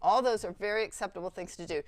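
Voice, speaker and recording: A woman's voice: mid-range voice, no room sound. Practical woman instructor, dry close sound. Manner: checks in with "okay?" often, brisk and practical. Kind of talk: hands-on training demonstration.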